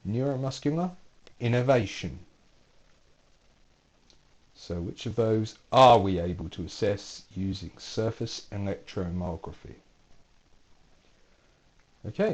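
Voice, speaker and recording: A man lecturer reads out multiple-choice quiz questions, lettering each option. His voice swings lively up and down in pitch. He keeps it playful with dry asides and corrects himself as he goes. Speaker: university lecturer.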